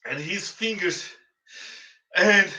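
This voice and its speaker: In English colored by his native Brazilian Portuguese, a man tells a dramatic story with emphatic repeated phrases, speaking directly to listeners as his friends. He talks slowly in a high, bright, forceful voice. The audio sounds distant, echoey, and dull, like lo-fi.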